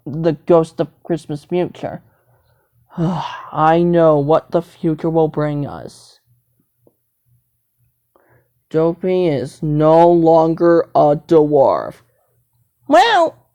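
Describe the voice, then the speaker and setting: Brief: young woman, slow and bouncy pitch, playful toy role-play with many voices. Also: a little mellow.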